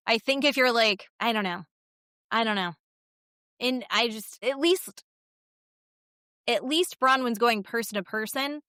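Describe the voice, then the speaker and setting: Woman co-host, bright higher voice, dry close mic, animated gossip recap with restarts. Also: no room sound. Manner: animated retelling, acts out quotes, frequent restarts. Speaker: podcast co-host. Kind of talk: casual chat recapping reality TV.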